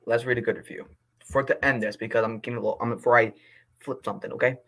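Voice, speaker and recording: A young man talks casually to his viewers, reading reviews and reacting with fiery indignation. His outbursts give way to sheepish apologies, all in an everyday, mid-pitched voice. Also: fairly even intonation, creaky, fairly bright tone, rough recording. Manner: passionate, quickly indignant, then apologetic. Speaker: vlogger reading movie reviews.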